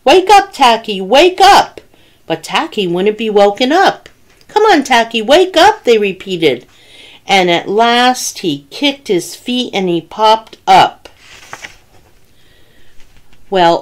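A woman who works as a children's librarian, reading a picture book aloud with gentle, expressive storytelling. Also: medium pitch.

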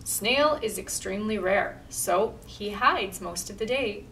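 A woman's voice: mid-range voice, animated, unhurried, fairly bright tone. A woman reading a picture book aloud at a library storytime, chatty and pointing at the pictures. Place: library room. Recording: distant mic, faint room noise.

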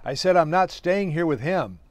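A man's voice: a little high, expressive, normal speed, no echo, voice pushed up, lightly acted. A man reading aloud, voicing a sarcastic woman archaeologist with dry wisecracking retorts. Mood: indignant.

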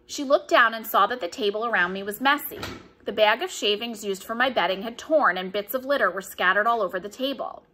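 A woman narrating a children's storybook aloud with an expressive, animated reading. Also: mid-range voice, brisk, few pauses, slight background noise. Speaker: audiobook reader.

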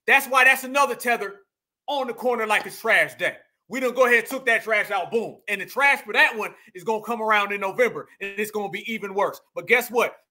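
A man's voice: sits high, a little fast, bright, forceful tone. A man doing heated reaction commentary, mocking the clip he plays and repeating his phrases for emphasis. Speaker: online political commentator.

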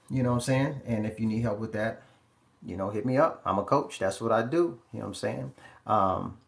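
Emphatic man coaching in an echoey room. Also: mid-range voice. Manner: emphatic, repetitive, talks straight to the viewers. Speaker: relationship life coach. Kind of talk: live-streamed advice talk.

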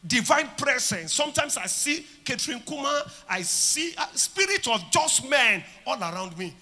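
A man with a Nigerian accent preaching a sermon at a church conference, declaring and shouting, then dropping to quieter talk. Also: very high-pitched, very animated, moderate pace, in a large hall. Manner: declaring and shouting, swinging between loud and soft. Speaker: pastor.

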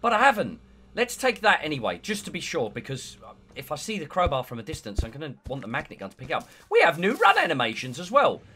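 A man's voice: on the high side, huge pitch swings, quick pace, pushed and bright, breathy edge. A young man doing let's-play game commentary, talking himself through a horror game and panicking and shrieking at the scares. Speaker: gaming YouTuber. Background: game music and sounds.

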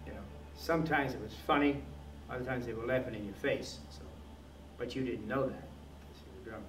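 A man's voice: medium pitch, brisk, poor audio. Blunt, rambling older-sounding man, music behind. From New York. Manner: blunt, profane, rambling with "you know". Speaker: documentary subject. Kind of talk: candid interview storytelling. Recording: music under interview. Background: background music.

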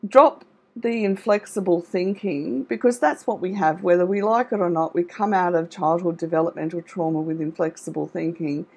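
A woman's voice: lowish voice, moderate pace, gravelly, husky. A middle-aged woman coaching an online audience, reassuring and encouraging, often checking in with "okay?" as she goes. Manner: warm, encouraging, reassuring, with frequent "okay?" and "all right?". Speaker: trauma recovery coach. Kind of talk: live online coaching talk.

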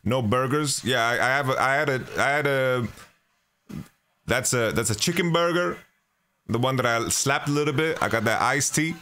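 On his own podcast, a man with a mid-range voice speaks at normal speed in a sharp tone. His travel story wanders loosely, full of profanity, frequent restarts, and plenty of "you know."

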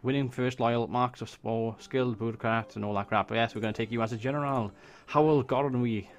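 A man's voice: medium pitch, fairly even intonation, a little fast, a little hiss or hum. A Welsh man casually thinking aloud as he commentates a strategy game, swearing when surprised. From Wales. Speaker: gaming YouTuber. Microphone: desk USB microphone.

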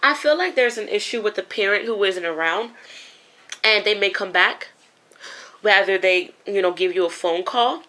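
Chatty bright-voiced woman tarot reader. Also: medium pitch. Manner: chatty, emotional, swears casually, addresses viewers as honey and you guys. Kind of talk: casual spoken tarot reading.

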